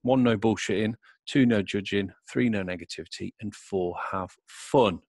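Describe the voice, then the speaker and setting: Chatty man, lowish voice. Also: moderate pace, breathy edge, no room sound. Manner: chatty, jokey, laughs loudly. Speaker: podcast host. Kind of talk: casual podcast chat.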